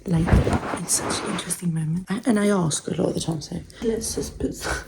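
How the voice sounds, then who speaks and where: A young woman in a whispered role-play as a chatty, easily distracted hairstylist, drifting between soft talk and whispers. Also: on the low side, a little fast, vocal fry. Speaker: ASMR creator playing a hairstylist. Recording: noticeable background noise.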